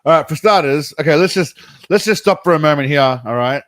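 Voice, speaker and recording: Chatty Aussie streamer talking to chat. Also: male voice, on the high side, expressive, a little fast, fairly bright tone, no echo. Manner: rambling, chatty, talks to chat directly. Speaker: streamer reacting to videos. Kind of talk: casual live-stream commentary.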